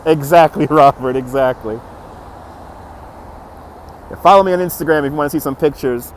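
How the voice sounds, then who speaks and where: A man with a slightly high voice hosts a live walking stream on a city waterfront street. He is upbeat, chuckles often and greets viewers one by one. It is recorded on a handheld phone, with faint traffic behind him. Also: normal speed, pauses often. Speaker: livestream host. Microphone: phone on a handheld gimbal.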